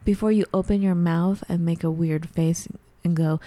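Low, mellow-voiced woman chatting. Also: normal speed. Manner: animated, acts out her own confused reactions in a high voice. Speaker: podcast co-host. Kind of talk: casual chat.

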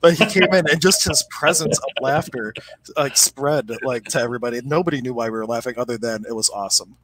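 A man's voice: medium pitch, quick pace, a bit bright, no room sound, poor audio. Storytelling man, laughing as he talks. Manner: storytelling, laughs often, acts out quoted voices. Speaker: energy healing practitioner and podcast co-host. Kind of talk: casual conversation.

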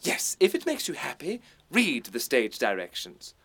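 A man's voice: medium pitch, huge pitch swings, measured pace, a bit bright, slightly rough, heavily acted. A man with a posh English accent playing a bossy, self-important amateur theatre director in a radio comedy. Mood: pompous. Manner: pompous, lecturing, self-important. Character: pompous, bossy middle-aged male director.

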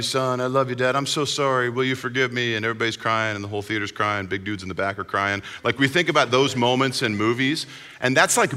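A pastor delivers a conversational, animated sermon. His voice is bright and forceful at a middle pitch. The sound carries a long reverb from a large hall.

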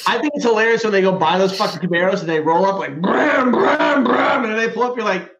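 A man hosting a podcast, casually telling profane, animated stories. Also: sits high, racing, reverberant, dull audio, a crowd in the background. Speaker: podcast host. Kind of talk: casual chat.

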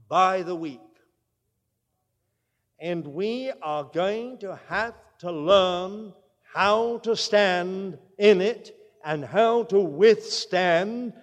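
A man preaching a sermon, emphatic, swinging from loud declarations to quiet asides. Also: high voice, long reverb tail.

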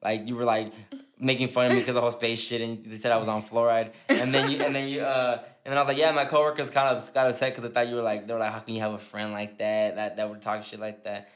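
A man's voice: mid-range voice, little pitch movement, fast, reverberant. A man hosting a casual podcast, telling a rambling story full of restarts and laughter. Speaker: podcast host.

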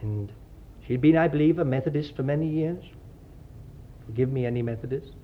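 A man's voice: mid-range voice, fairly quick, slight background noise. A man preaching a sermon in an earnest, digressive way, often calling his listeners dear child of God. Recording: dull lo-fi sermon recording.

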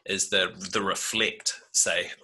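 A man hosting a relaxed interview, with a very low voice that has a strikingly bright, sharp edge. He feels his way into his questions, repeating words and adding ums as he goes. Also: slow, poor audio. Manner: hesitant, fills with repeats and ums. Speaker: podcast host.

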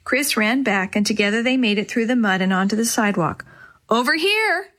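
A woman narrating a children's storybook chapter in a clear, expressive way. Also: medium pitch, quick pace. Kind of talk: storybook reading.

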